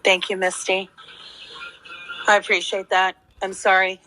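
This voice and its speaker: A woman's voice: mid-range voice, monotone, measured pace, pauses often, sharp tone, rough recording. A woman hosting a call-in talk, angry and emphatic, swearing and repeating herself. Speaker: host of a call-in space. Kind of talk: heated political talk.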